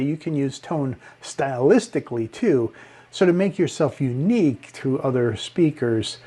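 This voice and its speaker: Slow, expressive male speaking coach. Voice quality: relaxing tone. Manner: expressive, swings pitch and volume to demonstrate, chuckles often. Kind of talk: instructional talk on speaking.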